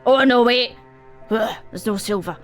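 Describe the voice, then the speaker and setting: Lady doing a big bugbear barman, blunt and unimpressed, a bit higher than her own voice. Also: a little slow, soft background music, lightly acted. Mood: gruff. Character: big gruff male bugbear barkeep.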